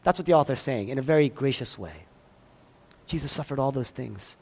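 A pastor preaching a sermon, swinging between loud emphatic lines and hushed ones, with chatty asides to the congregation. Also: male voice, medium pitch, animated, fairly quick.

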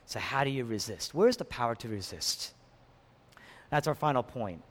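A pastor preaching a sermon, impassioned, swinging between hushed and loud delivery. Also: male voice, mid-range voice, expressive, normal speed. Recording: long reverb of a large hall.

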